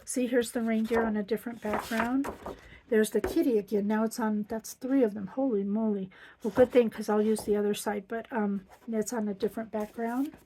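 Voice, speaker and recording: A woman's voice: fairly high pitch, steady tone, normal speed, mellow, slight background noise, rough recording. A middle-aged woman chatting casually through a craft supply haul, gushing with lots of ums. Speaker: crafting vlogger. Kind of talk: casual show-and-tell haul.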